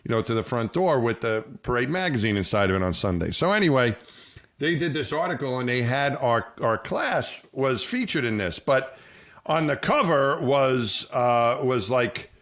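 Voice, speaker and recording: A middle-aged man tells a long, rambling story on a podcast, circling back and restarting his sentences. His voice sits at a middle pitch and gets animated whenever he quotes other people. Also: moderate pace. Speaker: podcast co-host, former astronaut. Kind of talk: casual storytelling chat.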